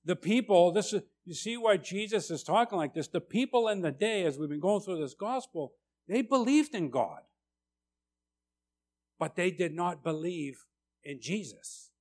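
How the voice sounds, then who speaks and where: A man preaching a sermon, emphatic and deliberate, often asking "right?" to check in with his listeners. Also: sits high, lively intonation, darkish tone. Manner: slow, deliberate delivery with rising, urgent stresses.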